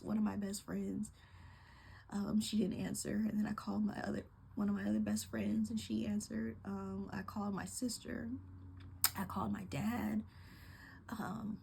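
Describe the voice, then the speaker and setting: Gravelly, halting woman near tears. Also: mid-range voice, slight background noise. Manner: soft-spoken, halting, many ums and likes. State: holding back tears. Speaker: teacher. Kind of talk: personal testimony.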